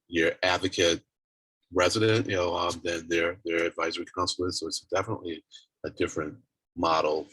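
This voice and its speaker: A man chairing a virtual meeting on a video call, talking in a halting way with many restarts and fillers. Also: deep voice, a bit bright, breathy edge, dry recording, rough recording. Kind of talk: casual virtual meeting talk. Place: home office on a video call.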